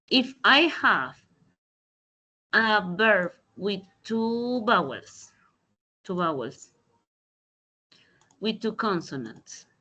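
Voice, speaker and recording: A woman teaching an English grammar lesson over a video call, explaining slowly and deliberately. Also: medium pitch, sharp tone, poor audio. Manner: slow, deliberate explanations with Spanish translations. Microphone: computer mic in a video call.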